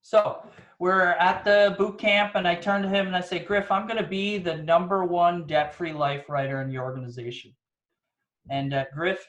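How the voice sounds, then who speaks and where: Brief: man with a high voice, lively motivational storyteller on a video call, echoey room. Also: normal speed, lo-fi sound. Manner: energetic, storytelling, rhetorical questions. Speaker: insurance agent guest speaker.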